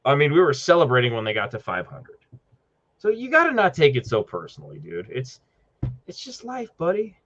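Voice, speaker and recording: A man's voice: mid-range voice, huge pitch swings, fairly quick, a bit bright. A man co-hosting a casual sports chat, profane and sarcastic in his banter. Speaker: show co-host. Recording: dull lo-fi call audio.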